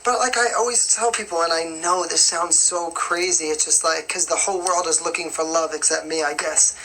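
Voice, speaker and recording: Young woman singer, bright voice, chatty phone live-stream Q&A, rambling, faint background noise. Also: low voice, steady tone, fairly quick, poor audio. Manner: chatty and rambling, full of "like" and "you know". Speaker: singer answering fan questions.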